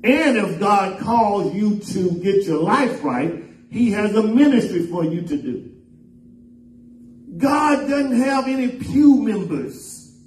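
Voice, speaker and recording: A man preaching a sermon as pastor, swinging up and down in pitch and half-singing some phrases. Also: expressive, slow pace, a little mellow. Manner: preaching with sudden rises and drops in pitch, half-sung phrases. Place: church sanctuary. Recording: echoey church room, voice from far off the mic.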